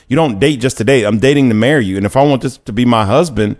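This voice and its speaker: A young man from Louisiana talks casually about dating in his own show. His voice sits at an ordinary pitch. He is chatty and self-correcting, slipping into quick put-on quotes as he goes. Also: a little mellow. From Louisiana, United States. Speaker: host. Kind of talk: casual talk on dating and faith.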